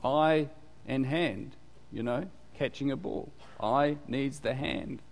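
A pastor preaches a chatty, conversational sermon in church, frequently quizzing the congregation and waiting for their answers. His mid-range voice is slow-paced with vocal fry, and a hall's long reverb surrounds it.

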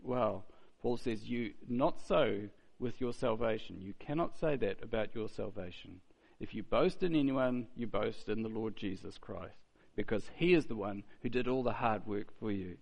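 A man's voice: fairly low pitch, moderate pace, gravelly, a little mellow. A man preaching a sermon in a conversational way, with rhetorical questions and mocking quotes.

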